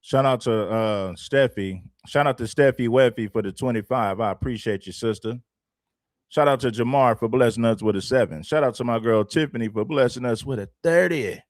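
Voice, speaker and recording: A man's voice: medium pitch, moderate pace, no room sound, studio quality. A man hosting a livestream, talking emphatically and repeating his points like a preacher. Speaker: livestream host. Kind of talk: commentary livestream.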